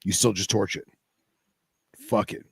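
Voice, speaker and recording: A man co-hosting a casual podcast, halting and often restarting his sentences. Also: fairly low pitch, steady tone, gravelly, husky, dry recording, clean studio sound. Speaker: podcast co-host. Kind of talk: casual chat.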